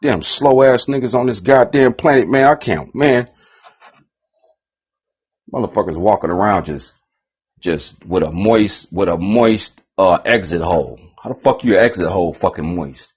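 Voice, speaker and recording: Husky man ranting profanely. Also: fairly low pitch, normal speed, highs cut off. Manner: preachy, repetitive, profane. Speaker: vlogger. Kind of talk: profane rant.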